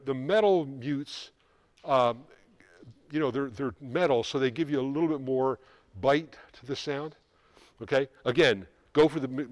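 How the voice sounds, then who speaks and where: A middle-aged man coaching a school band in rehearsal, brisk and joking, calling out counts and singing rhythms. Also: medium pitch, dry recording. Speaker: band clinician.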